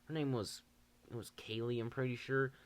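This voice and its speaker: A young man telling a story on his channel, animated and full of swearing. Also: medium pitch, moderate pace. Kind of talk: casual storytime.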